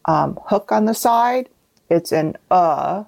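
Gravelly-voiced woman guest from Vietnam. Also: lowish voice, slow pace, dry recording. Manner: relaxed, explanatory, laughs often. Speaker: guest, cookbook author. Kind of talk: casual interview chat.

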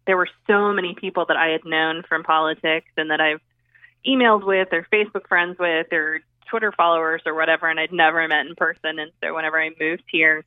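A woman's voice: sits low, fairly even intonation, brisk, clear, resonant tone, no room sound. Oklahoma woman calling in, phone-line sound, dry, chatty with lots of ums. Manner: chatty, agreeable, many fillers. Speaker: political journalist guest. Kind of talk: casual political chat.

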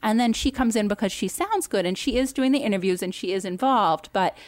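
Give me an animated woman co-host giving strong opinions in a dry, close recording. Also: mid-range voice, fairly quick, no room sound. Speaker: podcast co-host. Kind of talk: casual podcast discussion.

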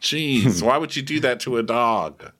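A man's voice: medium pitch, lively intonation, measured pace, a bit bright. A man co-hosting a podcast, casually recapping a show with sarcastic asides and acted-out quotes. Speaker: podcast co-host.

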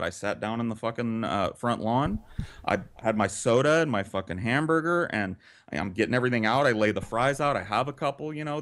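A man telling a wild story on a podcast, casual, profane and vivid, with an animated delivery. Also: mid-range voice.

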